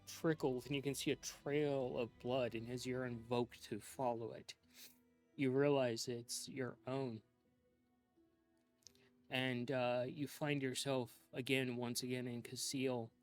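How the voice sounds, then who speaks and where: A man slowly narrating a dark scene as game master of a tabletop role-playing game, in a hushed, drawn-out storytelling manner. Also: mid-range voice.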